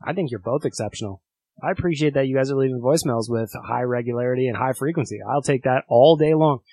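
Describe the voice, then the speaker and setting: A man hosts a podcast in a relaxed, casual way and reacts with amusement. His voice is slightly husky, and the sound is dry and close to the mic. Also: mid-range voice, quick pace, no echo. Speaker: podcast host.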